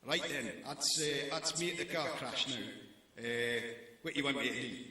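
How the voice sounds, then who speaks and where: A man's voice: mid-range voice, fairly even intonation, a little slow, bright, forceful tone, voice pushed up. A man voicing a broad-spoken male reporter calling in over a radio. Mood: casual. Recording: very echoey hall.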